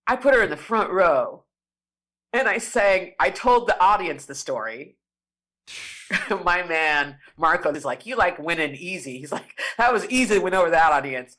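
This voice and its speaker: Heartfelt woman telling her story. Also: deep voice. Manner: heartfelt, expressive, slows down to savor words. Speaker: interview guest. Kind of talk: emotional personal storytelling.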